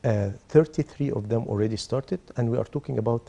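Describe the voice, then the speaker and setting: A man answering as a guest in a TV interview, speaking haltingly with restarts and listing things in runs. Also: mid-range voice, vocal fry, mellow. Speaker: university official guest.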